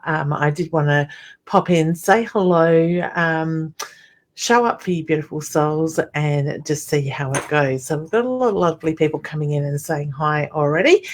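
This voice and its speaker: A woman hosting a psychic medium live stream, feeling tired and under the weather, greeting viewers by name and reading their comments aloud. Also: fairly low pitch. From Australia. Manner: warm greetings, calls viewers honey and gorgeous, reads comments aloud. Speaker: psychic medium livestream host.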